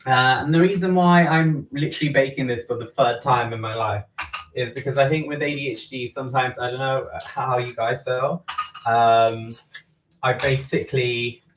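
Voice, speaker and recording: A man's voice: mid-range voice, fairly even intonation, moderate pace, distant mic. Rambling man in a roomy kitchen. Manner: rambling, self-correcting, chatty asides. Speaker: baking livestream host. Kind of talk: casual chat while baking. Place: home kitchen. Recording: roomy kitchen, away from mic, faint noise.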